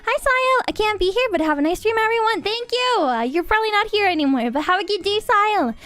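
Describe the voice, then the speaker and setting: A woman's voice: very high voice, lively intonation, fast, a bit bright, no room sound. A young woman streaming, chatting casually and greeting viewers in a bubbly, giggly, rambling way. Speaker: VTuber streamer. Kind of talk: casual livestream chat.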